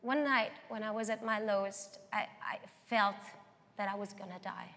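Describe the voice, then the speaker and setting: A woman's voice: medium pitch, fairly even intonation, normal speed, sharp tone. A young woman, a guest singer, telling her life story earnestly in an interview. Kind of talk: interview testimony. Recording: long hall reverb.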